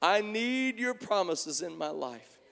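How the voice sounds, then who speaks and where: A man preaching as pastor, moving from quiet talk to shouted praise. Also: high-pitched, very animated, takes it slowly, vocal fry, big-room sound. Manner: preaching, swinging from soft to shouting. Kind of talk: sermon. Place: church sanctuary.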